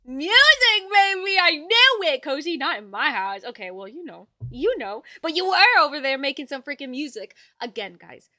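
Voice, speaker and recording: A woman's voice: high voice, expressive, normal speed, hardly any pauses, sharp tone, no room sound, studio quality. A young woman hosting a livestream, chatting casually and reading out viewer messages with hyped, bubbly energy. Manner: bubbly, hyped, reads chat aloud. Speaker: livestream host.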